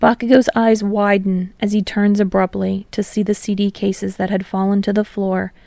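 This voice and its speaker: A woman reads fan fiction aloud in a steady narration that slows on emotional passages. Her voice is mellow with a slight gravelly edge. The recording is dry and close. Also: mid-range voice, no echo. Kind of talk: audiobook narration.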